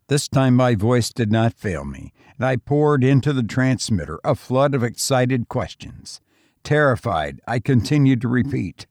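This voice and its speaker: Slow, grave male horror narrator. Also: medium pitch, animated, a little mellow, dry recording, studio quality. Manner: slow, grave, measured reading. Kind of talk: scripted narration of a gothic horror tale.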